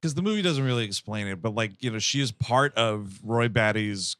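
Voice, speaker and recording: A man's voice: lowish voice, lively intonation, brisk, fairly bright tone, smooth, no echo. A man co-hosting a comedy podcast, ranting in casual chat and swearing freely. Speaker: podcast co-host.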